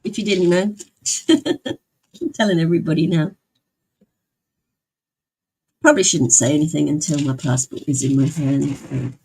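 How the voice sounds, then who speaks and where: A woman's voice: deep voice, normal speed, gravelly, mellow, husky, poor audio. Chatty woman streamer. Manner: chatty, answers viewers' comments. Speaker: livestreamer. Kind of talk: casual chat.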